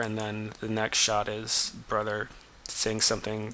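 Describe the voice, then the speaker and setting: A man's voice: lowish voice, monotone, a little slow, pushed and bright. A man in his forties giving a wry, self-deprecating director's commentary on his own childhood film. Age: 40s.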